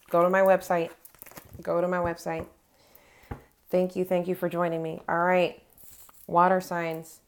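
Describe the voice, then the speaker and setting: Woman, tarot reader, slightly low voice, earnest and encouraging, emotional delivery straight to camera. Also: a little mellow, slight background noise. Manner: gives affirmations straight to her viewers. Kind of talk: tarot card reading to camera.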